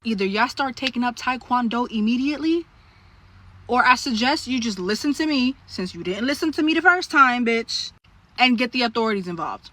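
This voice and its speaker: A woman telling a story to camera in a blunt, profane, animated way. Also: a little high, brisk.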